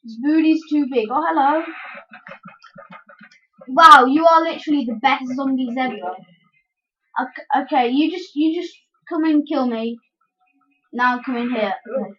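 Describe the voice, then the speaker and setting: A woman commentating a game in a casual let's-play, excitable, with yelps and giggly outbursts. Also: high-pitched, unhurried, long pauses, highs cut off. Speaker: gameplay commentator.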